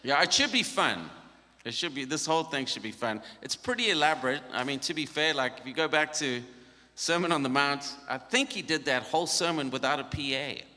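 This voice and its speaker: A middle-aged worship leader runs a band workshop in a loose, easygoing way, joking and laughing often. His voice is bright, forward and on the high side, with lively intonation and a slightly fast pace. A conference hall's long reverb trails every phrase.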